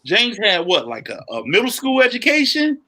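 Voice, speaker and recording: A man in casual podcast chat with a lively, swinging voice that sits fairly high. His tone is bright and forceful. He tells stories with animation and keeps checking in with his listeners. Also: a little fast. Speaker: podcast co-host.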